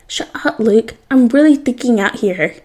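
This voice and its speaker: A woman's voice: fairly high pitch, animated, moderate pace, a little mellow, pitched above the performer's own voice. A woman voicing a frantic teenage boy hero who insists, too hard, that he is fine.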